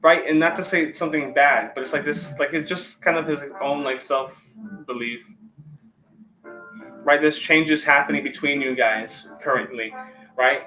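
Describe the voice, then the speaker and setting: A man's voice: on the high side, steady tone, moderate pace, bright, forceful tone, soft background music, low-quality recording. Rambling man doing a live tarot reading. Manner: rambling, loose, lots of fillers and restarts. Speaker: tarot reader hosting a live stream.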